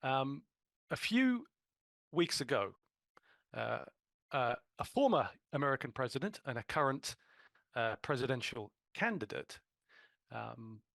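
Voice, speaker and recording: A man moderating a policy webinar, speaking in measured sentences with frequent "uh" fillers. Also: mid-range voice, sing-song, vocal fry, a bit bright, dry recording. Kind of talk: opening remarks for a policy webinar.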